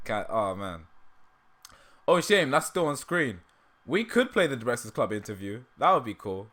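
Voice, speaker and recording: A man's voice: on the low side, sing-song, moderate pace, pushed and bright. A man hosting a casual livestream, laughing often and joking about himself, with a dry throat. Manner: laughs often, self-deprecating. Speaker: livestream host.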